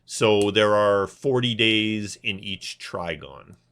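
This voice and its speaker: Narrating slowly in a lowish voice, the game master of a tabletop game stays relaxed but hesitant, and his speech is thick with fillers.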